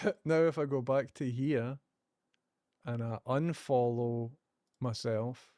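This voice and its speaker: A man's voice: medium pitch, dark tone, dry recording, clean studio sound. A Scottish man chatting casually on a live stream, joking and laughing often.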